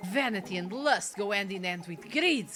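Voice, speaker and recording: A woman voicing a stern older male priest who scolds in a lowered voice. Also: animated, moderate pace, fairly bright tone, lightly acted. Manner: stern, reproachful. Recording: game music playing behind.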